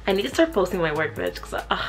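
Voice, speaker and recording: A young woman talking casually in a vlog, chatty and profane, thinking out loud. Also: lowish voice, wildly swooping pitch, very fast, over music. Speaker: vlogger.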